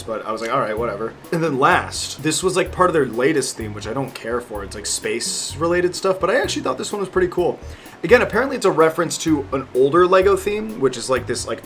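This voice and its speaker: A man's voice: on the high side, a bit bright. Rambling young man with faint music. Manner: rambling, joking, lots of fillers and swearing. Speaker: vlogger. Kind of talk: casual chat.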